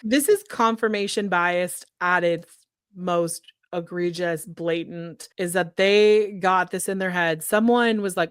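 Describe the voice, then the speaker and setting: A woman co-hosting a podcast, recapping a true-crime story in blunt, profane, animated casual chat. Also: on the low side, measured pace, smooth, no echo, clean studio sound. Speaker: podcast co-host.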